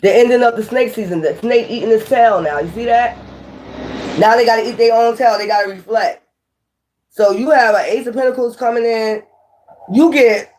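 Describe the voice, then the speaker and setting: A woman giving a casual, animated tarot reading, often scolding and repeating herself. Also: fairly high pitch. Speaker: tarot reader.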